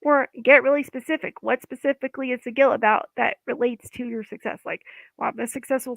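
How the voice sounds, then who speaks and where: A woman with a slightly high, creaky, somewhat bright voice talks casually as an EFT coach, leading a guided self-help session. She's chatty and informal and sometimes loses her words mid-sentence. The sound is dry with no echo, like a phone line.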